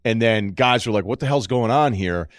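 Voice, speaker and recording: A middle-aged man hosting a podcast, telling rambling stories with deadpan asides in casual chat. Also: fairly low pitch, moderate pace, no echo, studio quality. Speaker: podcast host.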